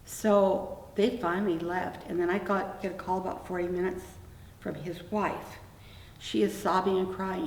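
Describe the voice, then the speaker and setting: An older woman with a lowish voice, speaking at normal speed, tells an animated story in an oral-history interview, blunt and wry, full of quoted back-and-forth dialogue. The recording has a roomy echo, a distant mic, and a faint room hum.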